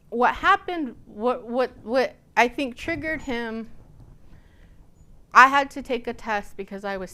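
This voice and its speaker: A woman from Nebraska giving a lecture by telling a personal story, animated and acting out the dialogue she recounts. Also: fairly high pitch, clean tone. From Nebraska, USA. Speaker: guest lecturer.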